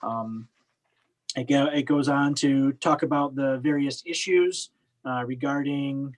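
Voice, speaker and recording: Township staffer, formal and hesitant, mid-range voice. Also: male voice, medium pitch, a little slow, rough recording. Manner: plain, hesitant, many fillers. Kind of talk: formal report at a meeting.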